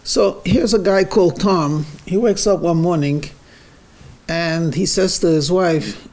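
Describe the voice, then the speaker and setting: Rabbi telling a story in a weekly lecture, slow, gravelly, a touch high. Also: male voice, darkish tone. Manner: slow, deliberate storytelling, acting out dialogue.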